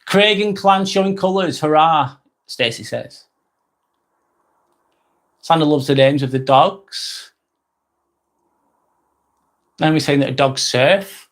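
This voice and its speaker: Live-stream host: English man, somewhat high voice, casual and rambling. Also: unhurried, pauses often, fairly bright tone. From England. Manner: rambling, repeats himself, frequent ums. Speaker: live vlog host reading chat.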